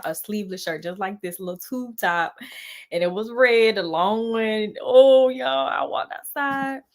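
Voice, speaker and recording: A young woman, casually telling a story on a live stream and talking straight to her viewers. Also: medium pitch. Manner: animated, sassy, addresses viewers as y'all.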